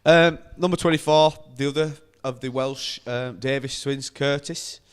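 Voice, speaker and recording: A man's voice: mid-range voice, fairly even intonation, normal speed, smooth. A man co-hosting a casual sports podcast, running through a list with frequent ums and uhs. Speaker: podcast co-host.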